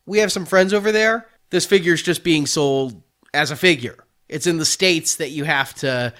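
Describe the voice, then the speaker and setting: Bright-voiced man chatting about toys. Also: on the high side, moderate pace. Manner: chatty, joking, laughs often. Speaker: toy collecting podcast host. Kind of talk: casual chat.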